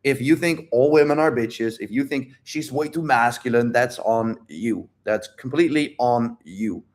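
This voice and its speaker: Brief: male dating coach, mid-pitched, blunt and animated casual livestream delivery. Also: moderate pace. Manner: blunt, animated, repeats phrases, swears freely. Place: home livestream.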